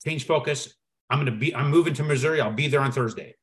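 A man telling a personal story as a podcast guest, acting out the dialogue with lively shifts in his voice. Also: mid-range voice, fast. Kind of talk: storytelling in conversation.

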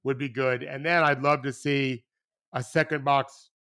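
A former basketball coach in casual podcast conversation, animated and rambling, restarting sentences and swearing casually. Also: male voice, mid-range voice, measured pace, clean tone.

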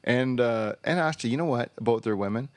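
A man's voice: medium pitch, quick pace, dry recording. A man hosting a podcast, telling a rambling, joking story full of restarts in casual chat. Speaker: podcast host.

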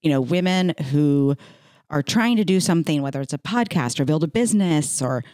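A woman co-hosts a podcast with a notably low voice that still swings widely in pitch. She chats casually and encourages her partner. The sound is dry and close. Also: lively intonation, brisk, darkish tone, no echo. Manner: supportive listener, encouraging. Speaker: podcast co-host. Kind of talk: casual chat.

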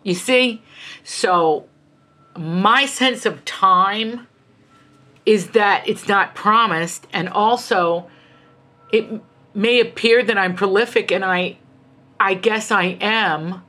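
A middle-aged woman author, a guest in an interview, telling her stories in an emphatic, animated way with quick asides. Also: mid-range voice. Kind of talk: candid conversational storytelling.

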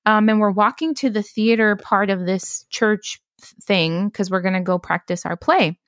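A woman's voice: mid-range voice, moderate pace, dry recording. Woman in her thirties, casual rambling storyteller, dry close recording. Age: 30s. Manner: rambling, many "like" fillers, acts out quotes. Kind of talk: casual chat, retelling a dream.

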